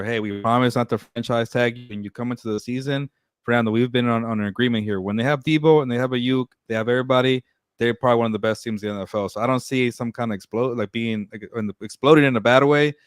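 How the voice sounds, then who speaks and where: A man's voice: medium pitch, clean tone, no echo. A man co-hosting a casual sports podcast over a video call, chatty and analytical. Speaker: podcast co-host.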